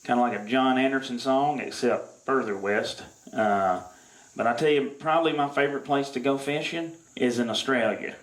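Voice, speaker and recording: A man's voice: mid-range voice, normal speed. Rambling outdoorsman, roomy echo. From Louisiana. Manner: rambling, drawling, full of "uh" fillers. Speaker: self-proclaimed outdoorsman at a mock press conference. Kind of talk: deadpan comedic monologue. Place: barn. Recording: echoey room.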